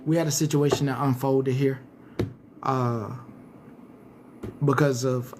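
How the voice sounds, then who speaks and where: A man's voice: on the high side, steady tone, moderate pace, long pauses, loud music behind the voice. A man hosting a live stream, ranting casually and cursing heavily as he taunts his viewers directly and rambles through many restarts.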